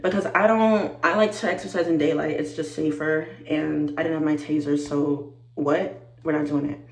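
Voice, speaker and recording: A woman in her twenties chatting to camera, animated and talkative, calling her viewers y'all and growing teary-eyed. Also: low voice, moderate pace, reverberant, rough recording. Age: 20s. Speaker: vlogger. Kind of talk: casual chat to camera.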